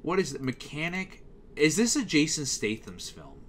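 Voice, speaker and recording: A young man rants casually into his mic, animated and exasperated, stumbling through fillers and restarts. His voice is bright and forceful, sitting a little high for a man. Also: moderate pace. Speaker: youtuber reviewing TV schedules. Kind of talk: casual ranting commentary.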